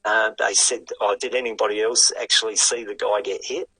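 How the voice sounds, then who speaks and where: Husky older Australian man spinning a yarn. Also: fairly low pitch, a little fast, no room sound, low-quality recording. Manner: animated yarn-spinning with casual swearing. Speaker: guest, retired sidecarcross racer. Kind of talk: casual storytelling.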